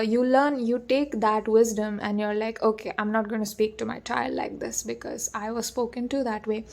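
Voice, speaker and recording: A woman giving a gentle, reassuring tarot reading, talking with many fillers and restarts. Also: fairly high pitch, gravelly. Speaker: tarot reader. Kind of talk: soft-spoken tarot reading.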